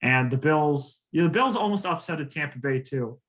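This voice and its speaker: A man's voice: a little high, lively intonation, normal speed, fairly bright tone, poor audio. A man co-hosting a casual chat about football picks, talking loosely with lots of fillers and confident predictions. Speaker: co-host.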